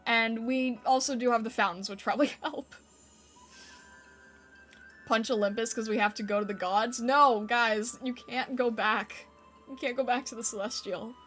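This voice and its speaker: A woman with a fairly high voice, chatting on a live stream and answering her viewers' comments in a playful, giggly way. Soft music plays quietly behind her. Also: steady tone, normal speed. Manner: playful, giggly, reacting to chat. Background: faint background music.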